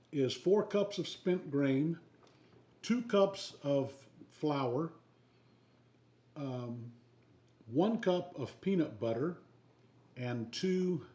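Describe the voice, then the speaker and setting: A man talks casually with a somewhat high but dark, mellow voice. He rambles through his explanation with plenty of ums. The dull recording sits in an echoey room. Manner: relaxed, rambling explanation with many fillers. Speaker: guest on homebrew livestream. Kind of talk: casual chat.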